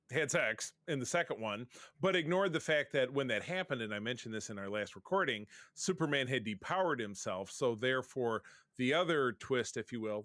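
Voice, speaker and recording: A man's voice: medium pitch, a bit bright, no room sound, clean studio sound. A man co-hosting a casual pop-culture podcast, chatty and opinionated, often cutting himself off mid-sentence. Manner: chatty, self-interrupting, opinionated. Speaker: podcast co-host. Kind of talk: casual chat.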